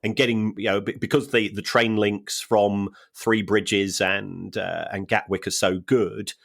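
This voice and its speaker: A man co-hosting a podcast, talking through football finances in a measured, wry way with frequent restarts. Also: lowish voice, flat delivery, gravelly, a bit bright. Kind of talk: casual chat.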